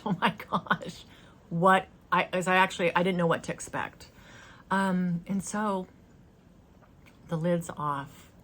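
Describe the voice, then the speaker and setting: A woman's voice: sits low, a little hiss or hum. A woman hosting her own spiritual channel, telling a personal story in an earnest, hesitant way with many fillers and restarts, speaking from her couch in a yurt.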